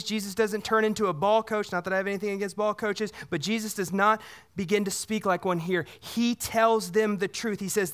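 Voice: medium pitch, fairly even intonation, brisk. A pastor preaching a sermon, earnest, often asking the congregation questions and repeating words for emphasis.

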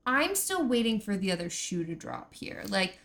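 A woman's voice: medium pitch, sing-song, normal speed, fairly bright tone. A woman co-hosting a comedy podcast with dry, sardonic timing. She delivers her jabs in an easy, level speaking voice. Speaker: podcast co-host.

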